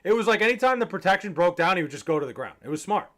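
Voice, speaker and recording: Rapid-fire and animated, a young man with a high, fairly bright voice chats casually to his stream. He's slightly tipsy and rambles along, swearing and joking.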